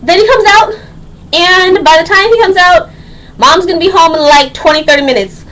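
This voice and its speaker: An eighteen-year-old woman telling a story on her vlog in a sassy, slangy, animated way. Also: extremely high pitch, moderate pace, low-quality recording. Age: young adult. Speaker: vlogger.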